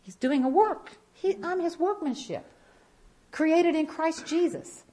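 A woman's voice: extremely high pitch, slow pace, mellow. Woman in her fifties telling her testimony at church, emphatic, keeps repeating herself for effect. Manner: emphatic, repeating phrases, vivid storytelling. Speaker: speaker giving a testimony.

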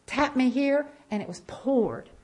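A woman's voice: high-pitched, expressive, measured pace, a little mellow. A woman in her fifties giving an impassioned church testimony, emphatic and repeating phrases as she tells her story.

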